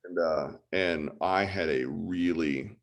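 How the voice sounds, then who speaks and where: A man in his forties from Illinois chats as a podcast guest. His voice sits very low, and he tells rambling, enthusiastic stories. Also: slow pace. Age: 40s. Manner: animated, rambling, enthusiastic storyteller. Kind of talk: casual interview chat.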